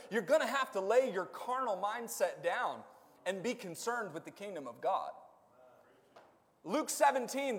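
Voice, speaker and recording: A male pastor preaching a sermon, asking the congregation to answer back and building up to shouted lines. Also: sits high. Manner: call-and-response preaching, rising to shouts. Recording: long hall reverb.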